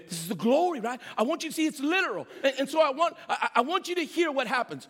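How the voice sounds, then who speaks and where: A man preaching a sermon, animated, with rhetorical questions and repeated phrases. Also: extremely high pitch, very fast, few pauses. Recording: long reverb of a large hall.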